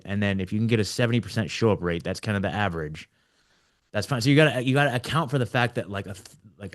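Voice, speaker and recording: A young adult man hosting a casual roundtable chat, rambling with frequent restarts, often saying like and dude. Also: lowish voice. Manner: rambling, laughing, restarts a lot. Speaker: podcast host.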